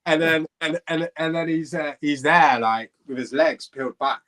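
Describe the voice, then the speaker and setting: A man's voice: a little high, moderate pace. A man, a former footballer, telling a rambling anecdote full of restarts and breaking into laughter. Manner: rambling, laughing, animated storyteller. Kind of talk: storytelling anecdote. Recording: clip played from earlier stream.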